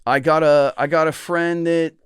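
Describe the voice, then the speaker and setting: A man's voice: a little high, steady tone, moderate pace, clean tone, no echo, clean studio sound. A middle-aged man hosting a podcast, talking in a reflective, earnest way with frequent restarts. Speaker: podcast host. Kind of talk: casual chat.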